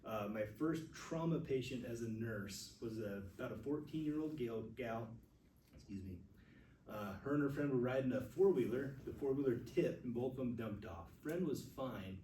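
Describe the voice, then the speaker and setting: A man's voice: mid-range voice, moderate pace, warm tone, slight background noise. Earnest male nurse teaching a class. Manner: earnest, speaks openly about emotion. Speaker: first aid instructor, nurse. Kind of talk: classroom teaching with personal stories. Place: classroom with audience. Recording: echoey room recorded from far off.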